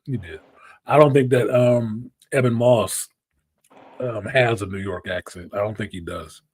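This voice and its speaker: Husky animated man chatting about movies. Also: lowish voice, a little slow, no echo. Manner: animated, profane, puts on voices when quoting. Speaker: podcast host. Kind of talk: casual pop-culture chat.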